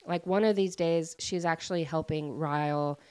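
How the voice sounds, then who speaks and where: A woman's voice: low voice, fairly even intonation, normal speed, darkish tone, smooth, no room sound. A woman recapping a novel she read, in a casual, chatty way full of "like" and "um". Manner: chatty, many fillers like "like" and "um". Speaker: book reviewer. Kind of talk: casual book recap chat.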